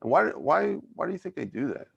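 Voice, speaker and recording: A man's voice: on the high side, sing-song, fast talker, vocal fry, fairly bright tone, breathy edge, dull audio. A man with a Philadelphia accent hosting a podcast interview, asking friendly questions and often restarting his sentences. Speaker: podcast host. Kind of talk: casual interview.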